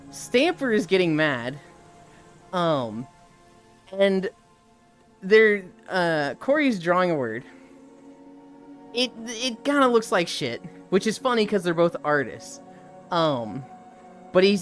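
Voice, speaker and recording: Lively rambling woman streamer. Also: fairly low pitch. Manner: rambling storyteller, swears freely, trails off with fillers; talking while walking. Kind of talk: casual live-stream chat.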